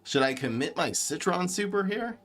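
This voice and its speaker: Bright-voiced streamer with an East Coast lilt. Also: male voice, high-pitched, moderate pace, soft background music. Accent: New York-tinged East Coast. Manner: thinks aloud, excitable, laughs often. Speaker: streamer playing a card game. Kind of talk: live game commentary.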